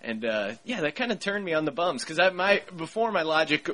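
A podcast host, a man from Pennsylvania, tells stories in casual chat with a bright, forceful edge to his voice. He speaks a little higher than most men and laughs often as he goes. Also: a little fast. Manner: animated storyteller, laughs often.

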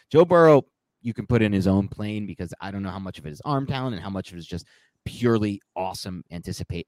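A man's voice: sits low, a little mellow, no echo. A man co-hosting a sports podcast, breaking down a game in loose, rambling talk, correcting himself and laughing at his own slips. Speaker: podcast co-host. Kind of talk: casual sports podcast analysis.

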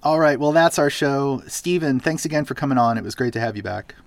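A man's voice: mid-range voice, brisk, no echo. A man from Boston hosting a podcast in casual chat, recommending things enthusiastically with lots of fillers. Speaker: podcast host.

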